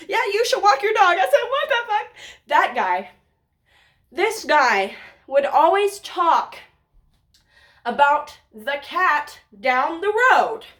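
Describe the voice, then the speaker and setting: A woman's voice: fairly high pitch, a bit bright. A young woman telling a personal story to her viewers in a rambling, gushing way. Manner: gushing, rambling, heavy on "like" and "literally". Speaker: vlogger. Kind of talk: casual storytime monologue.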